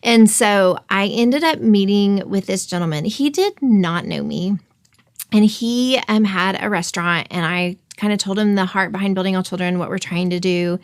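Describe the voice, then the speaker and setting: A woman's voice: mid-range voice, moderate pace, dry recording, studio quality. A woman telling a personal story in a casual, emotional way, full of fillers and acted-out quotes. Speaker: podcast host sharing her story.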